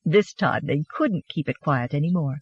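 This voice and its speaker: An expressive audiobook narrator telling the story with warmth of delivery and a pitch that rises and falls freely. The sound is close and dry, with a slightly dull, muffled top end. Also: moderate pace, husky, dry recording. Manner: expressive, gently animated storytelling.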